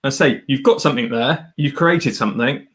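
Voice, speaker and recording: A man's voice: mid-range voice, moderate pace. A man hosting a livestream, chatting casually and laughing often as he gives advice. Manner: animated, rambling, laughs often. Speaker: host reviewing a guest's channel.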